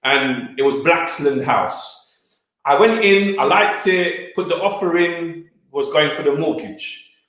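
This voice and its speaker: A young man tells stories in a streetwise, animated voice that sits a little high. His asides keep pulling the crowd in. The room around him is very echoey. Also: slow. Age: young adult. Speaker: wealth speaker. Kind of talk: storytelling talk at a live event.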